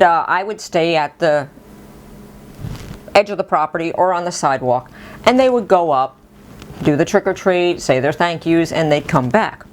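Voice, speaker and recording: A middle-aged woman telling a personal story in a casual, animated way, laughing often. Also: fairly low pitch, slight background noise.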